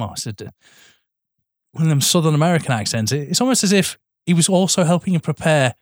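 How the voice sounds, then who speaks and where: A fairly high, expressive male voice moves at a quick pace as its owner co-hosts a podcast. He talks films eagerly and casually, swearing and calling his friend "mate" again and again. The audio is echo-free and studio quality.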